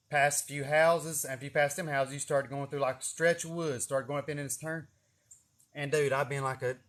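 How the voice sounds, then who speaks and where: A young man, telling a rambling story with lots of cursing and laughing at himself. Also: medium pitch. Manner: animated, profane, laughing at himself. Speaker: vlogger. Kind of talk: casual storytelling.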